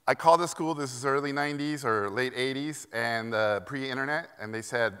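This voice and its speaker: A man gives an animated storytelling keynote from a conference stage. His voice is bright and forward. The sound carries a long hall reverb. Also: mid-range voice, brisk, few pauses, smooth. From Mexico. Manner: lively, animated anecdotes, laughing often. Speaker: keynote speaker.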